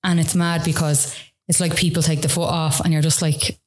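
A woman's voice: deep voice, level tone, moderate pace, a little mellow. An Irish woman, a podcast guest, telling a personal story in casual conversation, full of "like" and retold dialogue. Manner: rambling, frequent "like" fillers, retells dialogue.

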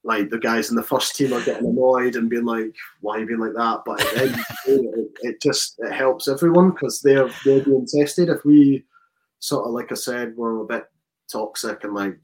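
A rugby player in his twenties answering interview questions in a relaxed, rambling way, full of restarts and fillers. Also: medium pitch, normal speed, slight background noise, low-quality recording. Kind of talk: casual interview chat.

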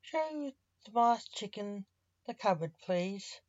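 A woman's voice: medium pitch, expressive, takes it slowly, a little mellow, dry recording, highs cut off. A woman voicing a weary young man who gives stern orders.

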